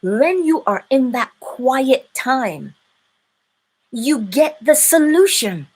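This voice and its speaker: A woman hosting a live-stream inspirational talk, preaching in an animated way and laughing often. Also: sits high, slow, husky. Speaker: inspirational speaker and host.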